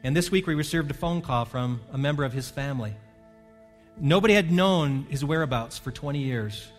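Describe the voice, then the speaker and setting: A man's voice: on the high side, lively intonation, brisk. A middle-aged man preaching a sermon as pastor, earnest and building to fervent emphasis. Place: church sanctuary. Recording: long church-hall reverb with faint music.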